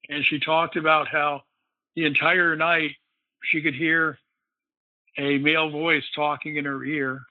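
Guy on a tinny phone line rambling through a story, lots of "you know", kinda high voice. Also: little pitch movement, a little slow, dry recording. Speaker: guest. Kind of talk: casual storytelling.

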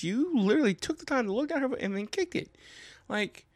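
A man's voice: a little fast, no echo. A man from Kentucky hosting his own show, ranting about politics in a casual, exasperated way, his voice leaping up for emphasis. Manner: animated and exasperated, jumps high in pitch for emphasis. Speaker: political commentary show host. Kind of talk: casual solo political rant.

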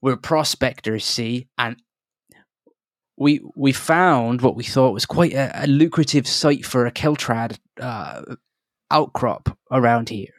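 A man's voice: mid-range voice, takes it slowly, dry recording, clean studio sound, pitched above the performer's own voice, close to an everyday voice. A man voicing a nervous, chatty male halfling prospector who rambles and apologizes with stammers. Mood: apologetic.

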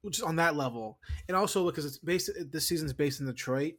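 A man's voice: on the high side, brisk, fairly bright tone. A man co-hosting a podcast in casual chat, emphatic and profane, rambling through his points. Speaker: podcast co-host.

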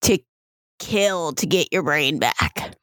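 A woman playing a tabletop game, quick with jokes and playful asides. Her voice is bright and forward. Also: low-pitched, lively intonation. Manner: joking, playful. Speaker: player. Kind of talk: casual tabletop game chat.

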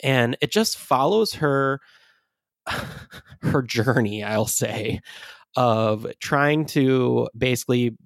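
A man's voice: medium pitch, animated, very slow, vocal fry, no room sound, clean studio sound. Rambling man co-hosting a podcast. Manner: rambling, filler-heavy, laughs often. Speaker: podcast co-host. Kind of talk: casual chat.

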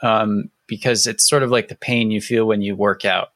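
A man's voice: on the low side, steady tone, moderate pace, fairly bright tone, dry recording, studio quality. A man co-hosting a podcast, speaking hesitantly and thoughtfully in casual chat. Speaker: podcast co-host.

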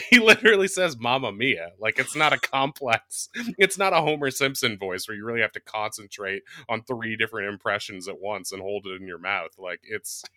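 A man co-hosting a podcast in casual chat, animated and rambling, often laughing. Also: fairly low pitch, moderate pace, hardly any pauses, dry recording, studio quality. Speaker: podcast co-host.

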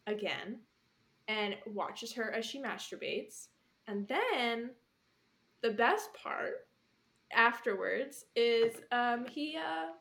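A woman's voice: fairly high pitch, a bit bright. A woman co-hosting a chatty podcast, gushing about a book with many "um"s and "like"s and frequent giggles. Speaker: podcast co-host. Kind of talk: casual chat.

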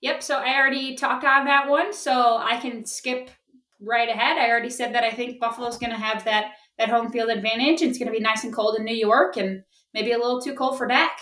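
A woman's voice: on the high side, steady tone, a little fast, fairly bright tone, recorded from a distance. Laughing woman in an echoey room. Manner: laughs often, wry. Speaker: podcast co-host. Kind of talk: casual sports chat. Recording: echoey, off-mic.

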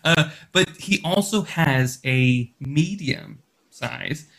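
Slow, halting game master, a man. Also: on the high side, lively intonation, creaky, fairly bright tone. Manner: halting, lots of fillers and restarts. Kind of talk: running a tabletop game podcast.

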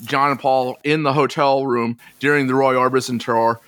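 A man's voice: medium pitch, steady tone, normal speed, a bit bright, no echo. A man hosting a podcast, chatting enthusiastically and wondering aloud. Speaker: podcast host. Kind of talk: casual podcast chat.

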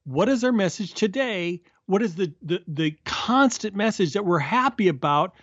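A man guest commentator in casual political chat, halting and hesitant with many restarts. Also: high voice, animated, a bit bright, no echo. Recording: dull lo-fi remote line.

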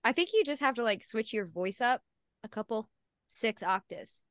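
A woman's voice: fairly high pitch, lively intonation, moderate pace, dry recording, clean studio sound. A young woman, a singer-songwriter guest on a podcast, talking frankly in casual chat, swearing freely and laughing at herself.

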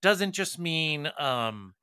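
Male co-host and film buff, explanatory and halting, smooth bright tone. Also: a little high, lively intonation, no echo, clean studio sound. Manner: explanatory, hesitant, many fillers. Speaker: podcast co-host, film scholar. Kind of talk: casual podcast chat.

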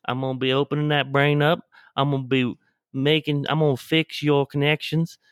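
A man's voice: on the high side, level tone, normal speed, a bit bright, clean tone, no room sound, studio quality, voice pushed up, lightly acted. A man voicing a folksy male brain surgeon with a put-on Southern US accent. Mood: folksy reassuring. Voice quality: drawling, folksy.

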